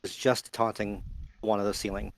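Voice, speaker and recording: A man's voice: flat delivery, brisk, vocal fry, dry recording. A man playing a tabletop game, joking playfully about his goblin character. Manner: playful, laughs, pitches jokes for his goblin. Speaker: player.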